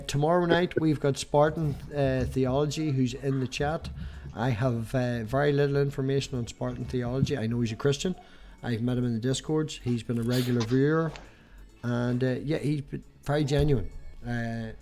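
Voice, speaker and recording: A man's voice: mid-range voice, fairly even intonation, a little fast, dark tone. A man with an Irish accent hosting a casual online chat, swearing and joking with his guests over a call. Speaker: podcast host.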